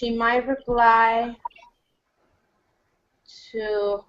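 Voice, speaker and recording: A woman's voice: on the high side, little pitch movement, extremely slow, highs cut off. A woman answering as a student in an English class, hesitant and unsure of herself.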